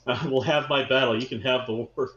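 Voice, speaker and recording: A man's voice: mid-range voice, steady tone, moderate pace, a bit bright, slight background noise. Blunt American man in a roomy, dull room. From United States. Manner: blunt, combative. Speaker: podcast co-host. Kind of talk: casual chat. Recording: roomy, dull remote audio.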